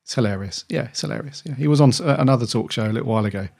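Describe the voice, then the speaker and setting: A man's voice: medium pitch, very fast, gravelly, darkish tone. A man co-hosting a podcast in casual chat, rambling enthusiastically with frequent restarts. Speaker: podcast co-host.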